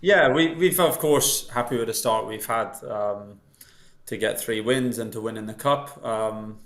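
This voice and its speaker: Male football manager, measured answers, roomy echoey sound. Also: lowish voice, fairly bright tone. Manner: measured, modest. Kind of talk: podcast interview. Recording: roomy echo.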